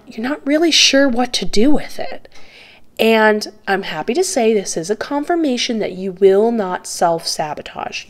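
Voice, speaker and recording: Earnest, chatty woman tarot reader. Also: medium pitch. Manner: earnest and reassuring, speaking straight to the viewer; chatty with light laughs. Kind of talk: pick-a-card tarot reading.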